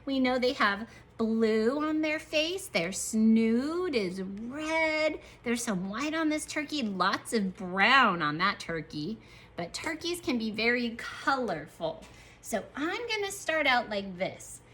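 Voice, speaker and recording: A woman teacher leading a young class through a writing lesson, sounding out letters slowly and praising the children as they work. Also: fairly high pitch, big pitch swings, fairly bright tone. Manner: slow, drawn-out letter sounds. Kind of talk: early-grade writing lesson.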